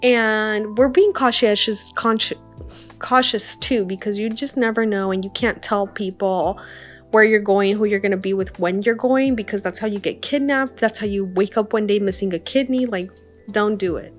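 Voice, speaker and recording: A young woman vlogger chatting through a travel story with lots of fillers and animated retellings. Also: medium pitch, normal speed. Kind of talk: casual storytime. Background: soft lo-fi music.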